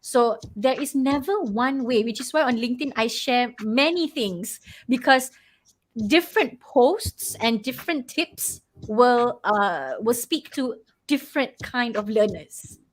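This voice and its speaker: Malaysian-accented woman, high voice, patient coaching tone, casual chat. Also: expressive, measured pace. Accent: Malaysian English. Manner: explains patiently, mixing in Malay words. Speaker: English language coach.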